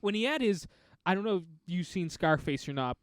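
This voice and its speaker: Young male co-host, high-pitched, lively, laughs a lot, does quick voices. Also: clear, resonant tone, no echo, clean studio sound. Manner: animated, laughs often, breaks into impressions. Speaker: podcast co-host. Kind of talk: casual chat.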